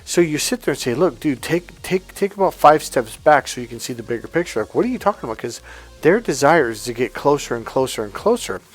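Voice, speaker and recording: A man's voice: mid-range voice, expressive, a little fast, faint music behind. A man coaching on relationships in a loose, slangy monologue, acting out short exchanges between people. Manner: loose, slangy, acts out little dialogues in quotes. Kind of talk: casual monologue to camera.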